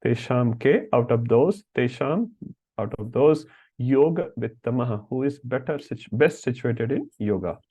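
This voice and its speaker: A man's voice: mid-range voice, lively intonation, normal speed, warm tone, breathy edge. A man teaching an online scripture class, patiently calling on students by name over a video call. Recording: dull lo-fi call audio.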